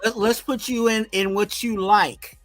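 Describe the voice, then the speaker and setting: A man's voice: high voice, fairly even intonation, a little slow, fairly bright tone, no room sound, soft background music, low-quality recording. A man co-hosting a casual sports talk show, rambling and often saying "you know what I'm saying". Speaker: co-host.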